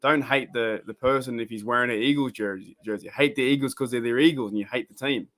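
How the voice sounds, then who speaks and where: An Australian man reacts to sports on a live stream, chatting loosely and rambling, with sudden excitement at the plays. He talks at a quick pace with medium pitch.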